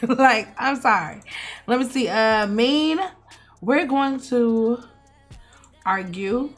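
A young woman, giving animated, swearing, mock-outraged commentary as she plays a life-sim game. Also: a little high, takes it slowly, pauses often. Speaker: gaming streamer. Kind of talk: casual gameplay commentary.

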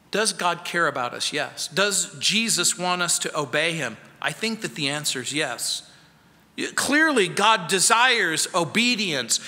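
High, bright-voiced preacher in a hall. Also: male voice. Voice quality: shifts between quiet intimate tones and sharp lively questions. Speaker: pastor. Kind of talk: sermon. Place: church sanctuary. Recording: church hall with long reverb.

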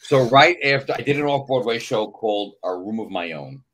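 A man's voice: mid-range voice, fairly quick, slight background noise. A middle-aged man with a New York accent, a guest on a casual podcast, telling stories and acting out voices in them. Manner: animated storyteller, acts out voices in anecdotes. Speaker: guest actor. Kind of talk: casual podcast chat, storytelling.

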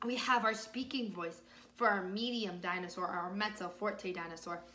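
A woman music teacher reading a picture book aloud to young children, slow and exaggerated, with encouraging praise, sung bits and shifts between whispers and loud parts. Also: mid-range voice, steady tone, echoey room. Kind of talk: children's storytime read-aloud and music lesson.

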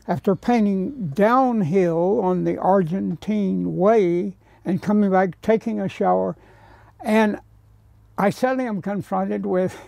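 High-voiced and slightly dark in tone with some vocal fry, an American man who paints tells anecdotes. He performs other people's dialogue and sometimes lowers his voice to a whisper, with no echo in the recording.

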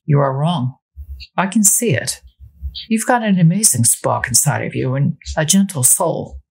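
A woman voicing a suave, charming male tourist who flirts in a low, smooth, seductive tone. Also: lively intonation, measured pace, a little mellow, full character voice.

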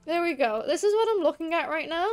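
High-voiced chatty Scouse woman. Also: expressive, fast. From Liverpool. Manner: rambling and chatty, lots of fillers. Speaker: streamer. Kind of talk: casual game stream chat.

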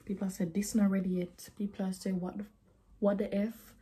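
A woman's voice: medium pitch, level tone, a little fast, dark tone, husky. A young woman chatting bluntly while doing her makeup, slipping into patois now and then. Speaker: beauty vlogger.

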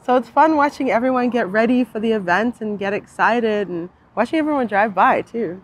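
A bubbly woman chats in a casual vlog at an outdoor car event, laughing often between sentences. Her voice sits a little high, with faint outdoor noise behind her. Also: expressive, fairly quick. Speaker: vlogger.

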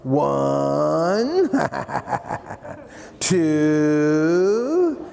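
A man voicing his excited teenage best friend who counts down eagerly, in a reverberant hall. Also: fairly high pitch, drawn-out words, vocal fry, pitched below the performer's own voice, exaggerated voice.

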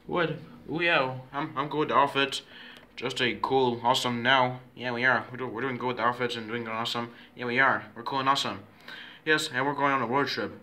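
A man chatting playfully in a home video, halting and repeating himself while making up silly introductions. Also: mid-range voice, steady tone, sharp tone.

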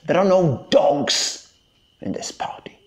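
A man voicing an angry male bull who bosses the party, threatening in hushed and loud turns, over guitar music. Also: on the high side, very animated, slow, reverberant, in a whisper.

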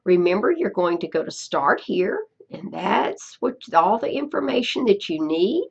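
Woman, Spanish teacher, screencast tutorial voice, lively pitch, husky, lo-fi mic. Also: a little slow. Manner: patient, repeats herself, checks in with "okay?".

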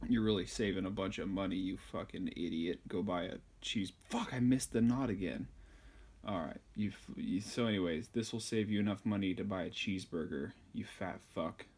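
A man's voice: deep voice, normal speed, darkish tone, husky. A man giving a crude, insulting, rambling comedic tutorial on sewing a button. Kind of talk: profane comedic tutorial rant.

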